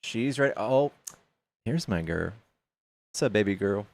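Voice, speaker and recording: A man's voice: lowish voice, animated, measured pace, gravelly, no room sound. A man hosting a live stream, loose and joking, swearing casually and reading donations aloud to his chat. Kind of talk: casual livestream chat and debate.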